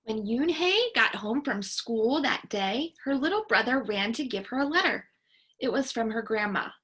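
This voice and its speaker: A woman's voice: on the high side, lively intonation, moderate pace, a bit bright, breathy edge. A woman teacher reading a picture book aloud to students, stopping to ask the class questions.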